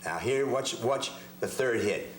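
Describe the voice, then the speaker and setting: A man's voice: medium pitch, measured pace, reverberant, background noise. Man teaching drum strokes step by step. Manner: explains step by step, repeats words often. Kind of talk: hands-on instructional demonstration. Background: drum hits between phrases.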